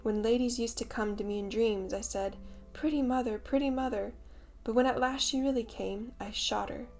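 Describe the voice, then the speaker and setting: A woman voicing a timid, remorseful young boy in a storybook reading, speaking in hushed, near-whispered lines. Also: fairly high pitch, steady tone, moderate pace, soft background music, natural voice. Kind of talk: audiobook character reading.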